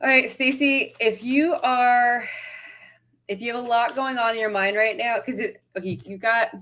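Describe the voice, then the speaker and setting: A woman's voice: fairly high pitch, steady tone, moderate pace, fairly bright tone. Chatty woman reading tarot cards. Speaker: tarot reader. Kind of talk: casual livestream chat.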